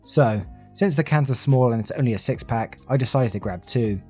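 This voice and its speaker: A male narrator reading reddit stories aloud in a steady, matter-of-fact manner. His voice sits in an ordinary middle pitch. Faint music plays beneath the narration. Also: normal speed, husky.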